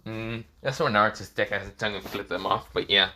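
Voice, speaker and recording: Man, improvised fan-fiction narration, rambling, lots of fillers, bright voice. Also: lowish voice, level tone, fairly quick. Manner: rambling, restarts with "this is where, well". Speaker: storyteller.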